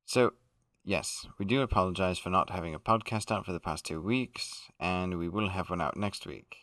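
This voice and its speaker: A man playing a pompous aristocratic English gentleman who hosts a comedy podcast, in a put-on upper-class British accent, fussy and self-correcting. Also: low-pitched, moderate pace. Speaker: podcast host.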